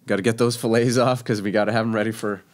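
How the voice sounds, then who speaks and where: A man's voice: fairly low pitch, steady tone, fast. A man, a professional chef from Texas, telling stories in a casual interview, chatty and laughing, with many fillers.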